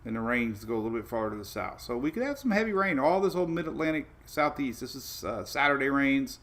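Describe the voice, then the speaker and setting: A man's voice: mid-range voice, big pitch swings, fast talker, a bit bright. Chatty man hosting a weather livestream. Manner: rambling, chatty, many fillers and restarts, greets viewers by name. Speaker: weather show host. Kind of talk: casual livestream weather talk.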